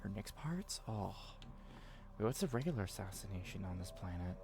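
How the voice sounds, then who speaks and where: Brief: male streamer, low-pitched, animated and foul-mouthed, noisy game audio underneath. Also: normal speed. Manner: sweary, animated, rambling. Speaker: gaming streamer. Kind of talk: casual gameplay commentary.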